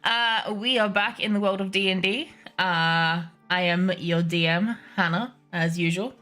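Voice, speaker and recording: A woman's voice: medium pitch, unhurried, pushed and bright, soft background music. A woman running a tabletop game on stream as game master, chatty and giggly, switching between casual asides and narration.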